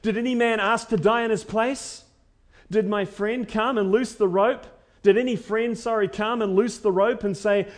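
A man, a preacher, delivering a sermon, rising to forceful declarations and dropping to hushed lines, repeating phrases for emphasis. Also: sits high, steady tone, moderate pace.

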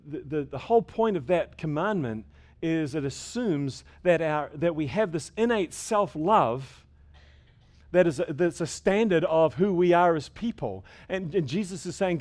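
Preaching man with a fairly high voice. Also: animated, measured pace. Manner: dynamic preaching, rising and falling sharply in loudness. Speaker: pastor. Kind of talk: sermon.

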